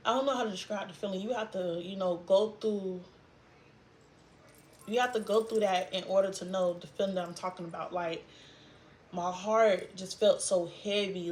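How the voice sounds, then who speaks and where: A young woman telling a painful personal story in a vlog, halting and trailing off as she fights tears. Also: lowish voice, slight background noise. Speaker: vlogger.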